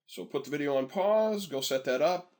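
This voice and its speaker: A man narrating a screen-recorded software tutorial in a relaxed, chatty way, often telling viewers to pause and catch up. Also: on the high side. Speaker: software instructor.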